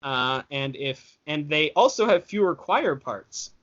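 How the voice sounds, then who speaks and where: On dull lo-fi podcast audio, a young male co-host chats casually, rambling and self-correcting along the way. His voice is a little high and fairly bright, with lively intonation and a slightly slow pace.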